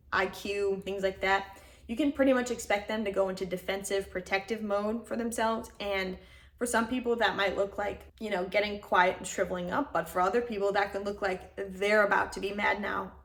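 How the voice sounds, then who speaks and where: A woman's voice: medium pitch, fairly bright tone. A young woman with a mid-height voice talks straight to her viewers in a loose, casual way. She thinks aloud, circling back with fillers and restarts as she works through her points. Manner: conversational, reflective, with frequent fillers and restarts. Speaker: host. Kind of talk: casual self-help talk to camera.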